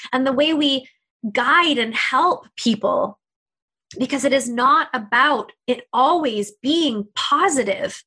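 Earnest, husky-voiced woman speaker. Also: high-pitched, pushed and bright. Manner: earnest, emphatic, repeats words for effect. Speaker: leadership speaker. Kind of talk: motivational monologue.

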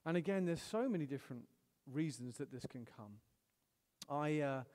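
A middle-aged man preaching a sermon, animated, swinging between loud exclamations and hushed storytelling. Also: fairly high pitch, long reverb tail.

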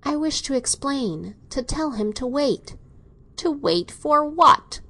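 A woman's voice: sits high, lively intonation, slow pace, sharp tone, pitched above the performer's own voice, full character voice. A woman reading an audiobook, voicing a timid, devoted young daughter in an earnest, pleading way.

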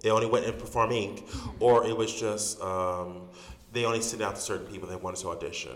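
A man's voice: on the low side, a little fast. Guy telling theater stories in a chatty rambling way, fillers everywhere, echoey room. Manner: animated storyteller, many fillers and restarts. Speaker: stage actor guest. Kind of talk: casual storytelling interview. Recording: roomy reverberant room.

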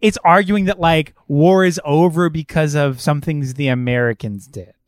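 A man's voice: on the high side, moderate pace, dry recording, studio quality. A young man co-hosting a casual film review chat, ranting in a sarcastic, profane way and often restarting his sentences.

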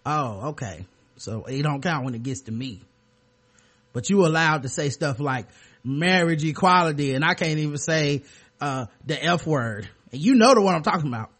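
A man's voice: a little high, expressive, moderate pace, fairly bright tone. A man hosting a comedic podcast in a casual, sarcastic, rambling way. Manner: sarcastic, joking, loose and rambling. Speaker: podcast host.

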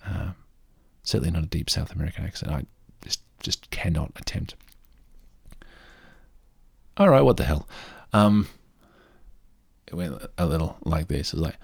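A man's voice: very deep voice, animated, normal speed, gravelly, long pauses, slightly rough, no room sound, studio quality. A man telling rambling, self-deprecating stories in a casual solo monologue.

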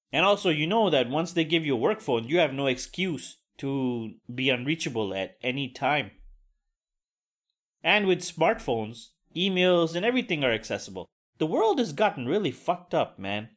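A man's voice: a little high, a bit bright. A man in his forties hosting a podcast, talking in a casual monologue and ranting sardonically with plenty of swearing. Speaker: podcast host.

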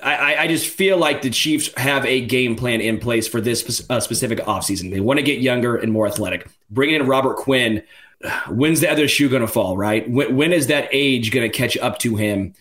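A man co-hosting a casual sports podcast, breaking things down quickly and stumbling over first words. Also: medium pitch, fairly bright tone. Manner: analytical, quick, repeats words when starting. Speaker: podcast co-host.

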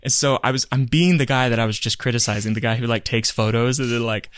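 A man co-hosting a podcast tells a story in casual chat, speaking fast in a clear, resonant, medium-pitched voice. He animatedly acts out the quotes, and the recording is dry and studio quality.

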